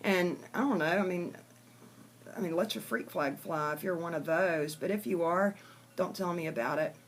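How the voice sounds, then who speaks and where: A woman's voice: fairly low pitch, moderate pace, a little hiss or hum. A woman vlogging in a chatty, blunt way, telling a joke and talking casually to her viewers. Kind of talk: casual storytelling chat.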